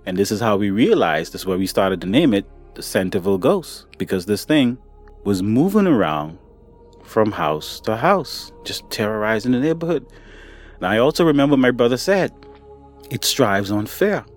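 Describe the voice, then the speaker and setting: A man's voice: fairly low pitch, very animated, moderate pace, faint music behind. A man casually telling a personal story on a podcast, talking to the listener like a friend and calling him "buddy" and "boy". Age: adult, grown since childhood events.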